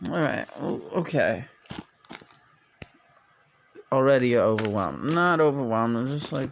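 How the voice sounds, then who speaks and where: A man's voice: mid-range voice, animated, slow pace, long pauses, heavy background noise. A man chatting casually and playfully while doing a tarot reading, with a hesitant, rambling manner and bits of meowing sing-song. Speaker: tarot reader.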